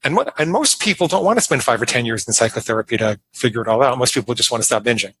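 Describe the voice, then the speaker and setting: A man's voice: mid-range voice, animated, rapid-fire, a bit bright, slight background noise, low-quality recording. A man in his fifties, a podcast guest telling a personal story in an earnest manner. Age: 50s. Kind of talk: interview storytelling.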